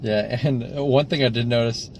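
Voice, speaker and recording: A man's voice: medium pitch, fairly even intonation, moderate pace, vocal fry, darkish tone, slight background noise. A man co-hosting a casual film review, steadily critical, with many "like" fillers.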